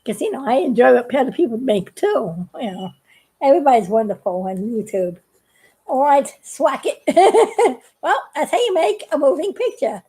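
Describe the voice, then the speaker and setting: Older woman, casual craft vlogger, giggly and folksy, very lively pitch. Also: normal speed, slightly rough. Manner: giggly, laughs often between lines; folksy, chatty, rambling. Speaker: craft video maker. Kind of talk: casual how-to vlog.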